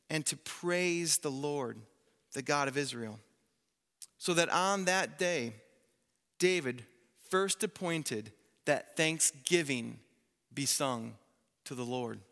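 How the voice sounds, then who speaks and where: Bright-voiced pastor preaching in a hall. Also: male voice, fairly high pitch. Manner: animated storytelling, acts out quoted voices. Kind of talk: sermon. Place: church sanctuary. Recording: long reverb of a church hall.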